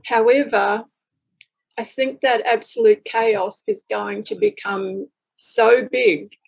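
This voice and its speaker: Woman, spiritual group sharing, storytelling, fry in the voice, breathy. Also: medium pitch, slow, low-quality recording. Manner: reflective, storytelling, acts out inner dialogue. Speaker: group discussion participant.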